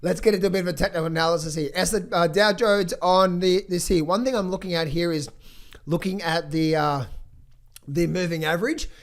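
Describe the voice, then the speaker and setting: Hoarse, high-voiced man, emphatic and blunt. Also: steady tone, fairly quick. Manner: emphatic, blunt, swears freely. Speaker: trading coach. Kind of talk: motivational vlog and market commentary.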